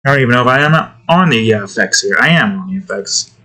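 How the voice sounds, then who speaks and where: A man's voice: mid-range voice, animated, quick pace, bright, forceful tone, slightly rough. A man talking casually to himself while drawing digital art, muttering about his work and snapping at his cat. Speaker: artist drawing on stream.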